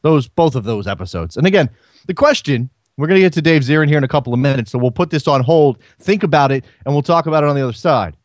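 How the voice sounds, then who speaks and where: A male sports radio host chats loosely into a studio microphone, doubling back on his words as he works through a thought. His voice sits a little high for a man, and the sound is close and dry, with no room around it. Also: lively intonation, fast talker, no room sound. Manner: chatty, repeats words while thinking aloud. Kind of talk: casual call-in radio commentary.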